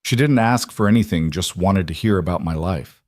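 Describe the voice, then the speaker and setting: A man voicing a gentle, wry father, speaking in a soft, measured way. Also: low voice, dry recording, clean studio sound, natural voice. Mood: tender.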